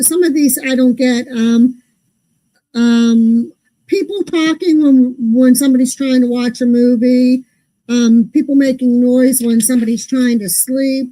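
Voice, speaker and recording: Woman co-host, high and mellow, casually ranting through pet peeves at the table. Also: rough recording. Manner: ranting, puzzled about everyday pet peeves. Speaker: podcast co-host. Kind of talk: casual chat.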